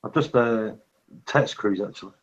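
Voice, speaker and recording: A man's voice: fairly low pitch, dull audio. A man with a Mancunian accent hosting a casual live-stream chat, joking and teasing the others. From Manchester, England. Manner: teasing, jokey, quick to laugh. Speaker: stream host.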